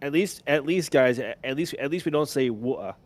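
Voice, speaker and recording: A man co-hosting a live broadcast, tossing in quick teasing remarks. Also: a little high, no echo. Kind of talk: casual live commentary.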